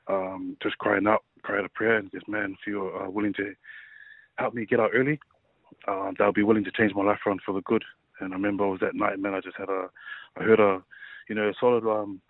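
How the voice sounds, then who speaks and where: A rugby league player in his thirties tells his personal story in a casual interview, halting often and full of fillers. His voice is fairly low, and the dry recording sounds tinny, like a phone line.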